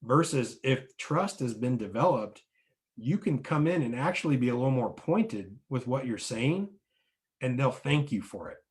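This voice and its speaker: A man's voice: mid-range voice, animated, normal speed, a little mellow. Man coaching business owners on sales. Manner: coaching, often ends points with "right?"; explains with numbered steps and analogies. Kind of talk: instructional talk to business owners.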